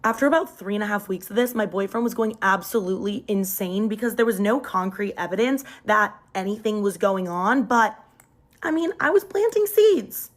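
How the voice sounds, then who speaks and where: Young woman dishing a juicy storytime, chatty and dramatic, punchy emphasis, mid pitched voice. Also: expressive, moderate pace. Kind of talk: casual storytime monologue.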